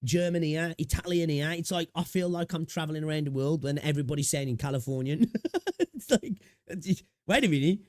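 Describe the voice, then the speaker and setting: A man's voice: fairly high pitch, a little mellow, no echo, clean studio sound. A young British man hosting a gaming livestream, rambling and chatting with viewers, swearing freely. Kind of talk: casual livestream chat.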